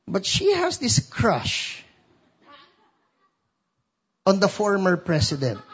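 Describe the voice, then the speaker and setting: A man with a Filipino accent preaching a sermon as pastor, telling a story in an animated way. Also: high-pitched, slow, slightly rough, dull audio. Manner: storytelling, animated, code-switching.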